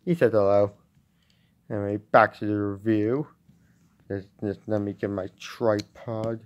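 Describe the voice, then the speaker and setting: A man casually reviewing a toy at home, talking in a halting way with many restarts. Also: on the low side, flat delivery, a little mellow. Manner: halting, with frequent restarts and fillers.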